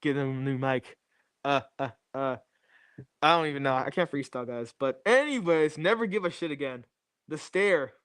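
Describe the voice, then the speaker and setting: Young male streamer, jokey rambler, slightly high voice, dry close mic. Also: moderate pace, a bit bright, smooth, no room sound. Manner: rambling, jokey, repeats catchphrases to chat. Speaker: livestreamer. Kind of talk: casual livestream chat. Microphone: new streaming mic.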